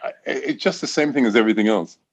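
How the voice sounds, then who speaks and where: A man's voice: medium pitch, wildly swooping pitch, fast talker, creaky, dull audio. A man in his sixties from Great Britain, a college throws coach telling stories in a casual interview, rambling with frequent restarts.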